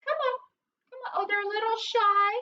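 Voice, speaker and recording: A woman voicing an excitable, squeaky female cartoon mouse puppet who gushes and insists on doing things herself. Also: fairly quick, slight background noise. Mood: giddy. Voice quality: squeaky, very high. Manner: giddy, gushing, bossy about introducing friends. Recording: roomy, dull sound from a distance.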